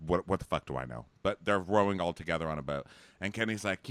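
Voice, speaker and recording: A man's voice: low voice, expressive, fast talker, fairly bright tone, dry recording. A man co-hosting a casual recap chat, sarcastic, acting out quotes in mocking voices. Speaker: podcast co-host.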